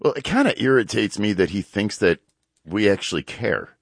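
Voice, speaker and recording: A man's voice: fairly low pitch, sing-song, normal speed, creaky, husky, dry recording. A man co-hosting a casual political talk radio show in a studio, chiming in with terse, dry remarks. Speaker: radio co-host.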